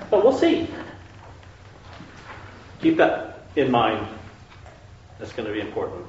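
A man leads a conversational Bible study and keeps checking in with his listeners. His pitch is lively and animated. He is recorded from a distance in a very echoey room, and the sound is dull. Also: normal speed, long pauses, slight background noise. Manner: checks in with listeners, asks questions. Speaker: Bible teacher.

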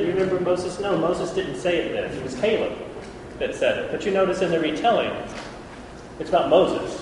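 A man preaching a lively Bible lesson, who jokes with the room and calls out listeners by name. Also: on the high side, moderate pace. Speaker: preacher teaching a Bible class. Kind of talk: lively sermon. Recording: echoey hall from far off, faint noise.

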